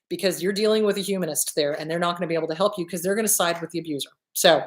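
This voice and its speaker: A woman's voice: lowish voice, very fast, hardly any pauses, a little hiss or hum. Brief: woman therapist-host, blunt and emphatic, salty language, roomy echo. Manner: blunt, emphatic, swears freely, acts out quoted voices. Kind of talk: blunt advice talk. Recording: echoey room.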